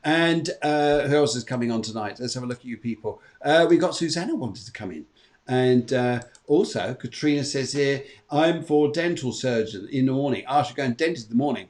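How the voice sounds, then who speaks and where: Guy on a live stream, chatty, keeps repeating himself, mid pitch. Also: sing-song, fairly quick, darkish tone. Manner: chatty, greets viewers by name, repeats phrases. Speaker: medium hosting a live stream show. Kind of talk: casual live-stream chat. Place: home in Spain.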